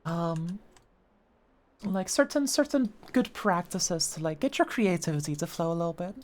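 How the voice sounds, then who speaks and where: A woman's voice: lowish voice, animated, normal speed, darkish tone. A woman streamer chatting casually, reading chat aloud, with lots of fillers and restarts. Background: faint background music.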